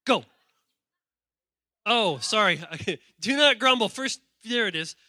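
A man preaching a lively sermon, reading scripture aloud with playful asides and calling on the congregation to respond. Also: sits high, slow pace, dry recording, clean studio sound. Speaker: pastor.

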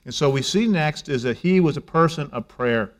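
A middle-aged male pastor preaching a sermon in a conversational way, dropping to a hush and then rising to emphasis. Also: fairly high pitch, animated, normal speed. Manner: conversational preaching, shifts between hushed and emphatic.

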